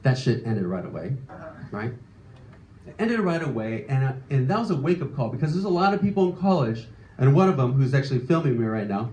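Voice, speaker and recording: A man in his late thirties telling a self-deprecating personal story live on stage, animated and exasperated in places. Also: fairly high pitch. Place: stage before a live audience. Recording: echoey room, faint ambience.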